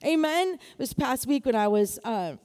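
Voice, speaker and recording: A middle-aged woman preaching a sermon in a lively, exclaiming way, often asking for amens. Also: sits high, measured pace. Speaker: pastor.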